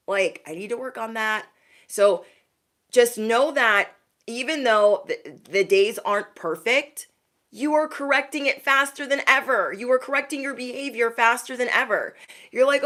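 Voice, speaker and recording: A young adult woman giving a spiritual reading to her viewers in a chatty style, calling them bestie and acting out quick asides. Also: a little high, lively intonation, sharp tone. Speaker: intuitive reader.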